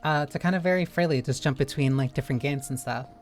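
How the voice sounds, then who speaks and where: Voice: medium pitch, fast, soft background music. Rambling, chatty streamer. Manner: rambling, loose and chatty, with many fillers. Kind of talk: casual chat while playing a game.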